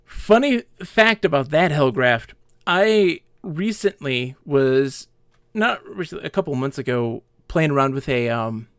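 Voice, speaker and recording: A man live-streaming a game, chatting casually with viewers and telling animated stories. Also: a little high, unhurried, smooth, dry recording, studio quality. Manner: animated storytelling, acts out quoted players. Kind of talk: casual live-stream chat while gaming.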